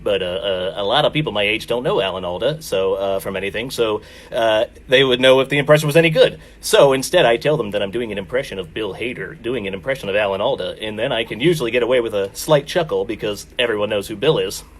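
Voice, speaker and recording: Self-deprecating comic with many fillers. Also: male voice, fairly low pitch, quick pace, few pauses. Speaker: stand-up comic. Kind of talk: open mic stand-up. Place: home, virtual open mic.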